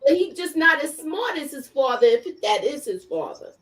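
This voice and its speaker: A woman's voice: high-pitched, very animated, normal speed. A woman co-hosting a casual TV recap chat, playful and emphatic. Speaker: co-host.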